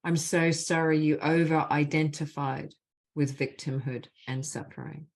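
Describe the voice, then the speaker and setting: A woman leading a spiritual group call over video, slowly and deliberately speaking repeated healing phrases. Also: sits low, steady tone. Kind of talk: guided clearing session with spoken healing phrases.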